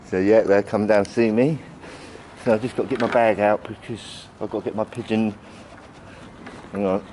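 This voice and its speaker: A man's voice: lowish voice, fairly even intonation, moderate pace, dark tone. Chatty man in his fifties. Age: 50s. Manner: chatty, rambling, calls out fondly to pigeons by name. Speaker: vlogger. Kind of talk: casual walk-and-talk vlog. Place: outdoors on an urban street. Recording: outdoor traffic noise behind.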